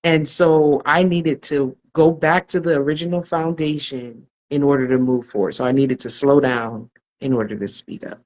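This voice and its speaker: A woman's voice: a bass voice, fairly even intonation, normal speed, darkish tone, low-quality recording. A woman who is a podcast guest, telling a personal story in an earnest, reflective and emotionally open way.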